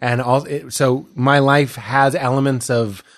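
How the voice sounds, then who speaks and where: A man's voice: medium pitch, fairly even intonation, measured pace, no echo, clean studio sound. A man chatting as a podcast guest in the host's home, riffing and joking. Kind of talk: casual chat.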